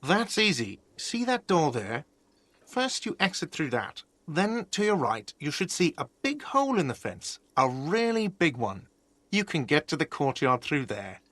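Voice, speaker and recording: Sarcastic cafeteria manager, lively pitch, dry recording. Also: male voice, unhurried, no echo, full character voice. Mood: grudging. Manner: sarcastic, passive-aggressive. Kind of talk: video game voice acting.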